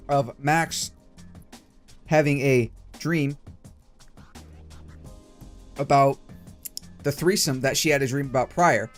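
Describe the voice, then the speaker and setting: A young man hosting a casual let's play, ranting with heavy swearing. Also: fairly high pitch. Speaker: gaming channel host.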